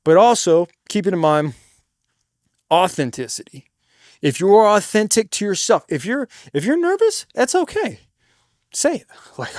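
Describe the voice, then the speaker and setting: A man's voice: high voice, sing-song, normal speed, pauses often, dry recording, clean studio sound. A man who sings in a cover band, giving casual, slangy advice on stage presence and swearing freely. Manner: demonstrates stage patter by suddenly getting loud.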